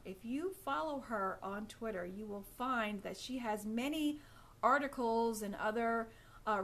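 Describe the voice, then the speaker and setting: A woman etiquette coach giving direct, instructive tips to viewers during a live stream, addressing them as ladies and acting out hesitant and confident examples. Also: fairly high pitch. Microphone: phone or webcam.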